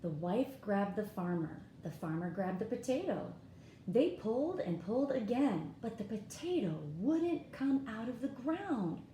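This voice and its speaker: Reading a picture book aloud to children at storytime, a woman points out the pictures and asks her listeners questions. Her voice is a little high and very animated, with a measured pace and a dark tone. The recording is reverberant, with slight background noise.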